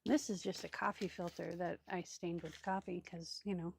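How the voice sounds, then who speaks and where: A woman's voice: lowish voice, steady tone, normal speed, vocal fry, background noise. A woman hosting a crafting video, chatting casually and thinking aloud with many ums and asides as she sorts supplies. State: hiccups. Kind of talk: casual crafting tutorial chat.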